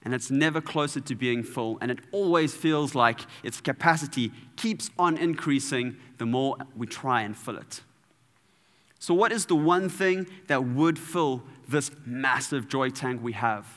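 Animated, bright-voiced male preacher in a hall. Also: medium pitch, unhurried. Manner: playful, animated, with sound effects. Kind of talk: sermon.

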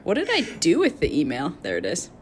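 A woman's voice: low-pitched, huge pitch swings, brisk, a little hiss or hum. A woman co-hosting a casual podcast, playful and giggly, teasing her friends. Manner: giggly, playful, self-mocking. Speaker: podcast co-host. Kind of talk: casual chat.

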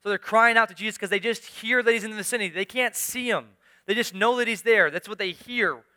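A man's voice: high voice, a little fast, bright, forceful tone. A male pastor preaching a sermon in church, earnest and urging, often repeating phrases for emphasis. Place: church sanctuary.

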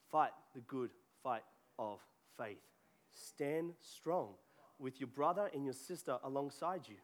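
A man preaching a sermon to a congregation in a church, talking conversationally and joking with people in the room. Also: high voice. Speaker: pastor. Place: church hall before a congregation.

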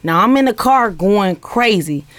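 A woman's voice: medium pitch, animated, measured pace, dry recording. A woman, animatedly telling a story with quoted dialogue in a casual group chat.

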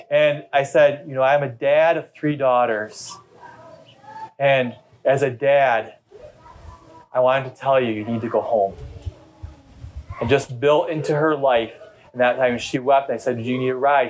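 A man's voice: mid-range voice, steady tone, a little slow, pauses often, slight background noise. A middle-aged man, a pastor, preaching a sermon in a chatty, storytelling way during a church service. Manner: conversational storytelling preacher, talkative.

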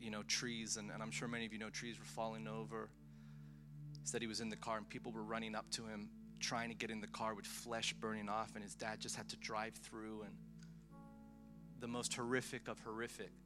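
A man preaching a storytelling sermon to a live congregation, animated and excitable, with chatty asides. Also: lowish voice, a little fast, over music. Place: live event before a congregation.

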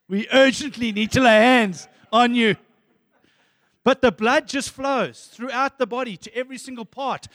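A man preaching a sermon as pastor, animated and excitable, dropping to soft asides at times. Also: extremely high pitch, dry recording, studio quality, big-room sound.

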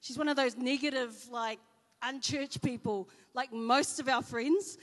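A woman with a New Zealand accent gives a sermon in a fairly high voice. She tells personal stories and acts out each side of the conversations. Her voice rings with the long reverb of a church hall. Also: fairly even intonation, unhurried. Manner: storytelling, acting out dialogue. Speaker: preacher.

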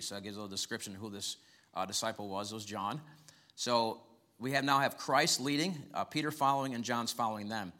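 Male preacher, bright tone, conversational sermon with frequent chuckles. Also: medium pitch, fairly quick. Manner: conversational, chuckles often, voice rises sharply when acting out questions.

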